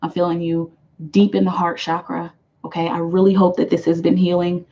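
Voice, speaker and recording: A woman's voice: on the low side, level tone, a little fast, warm tone, muffled recording. A woman giving a live tarot reading to her viewers, emphatic and affectionate, repeating her phrases for weight. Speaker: tarot reader.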